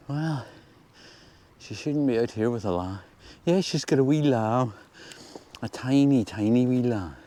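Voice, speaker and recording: An older Scottish man with a lowish voice chats to the camera as he walks outdoors on a windy moor. His talk rambles along, easygoing and understated, with a dry sense of humour. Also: darkish tone. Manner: rambling, understated and dryly humorous. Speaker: angling vlogger. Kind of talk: casual walking commentary.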